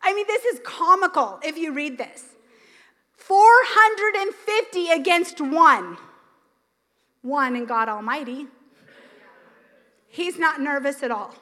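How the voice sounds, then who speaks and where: A woman pastor preaching a sermon, retelling scripture in an animated way with acted quotes. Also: sits high, takes it slowly, long pauses, long reverb tail. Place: church sanctuary.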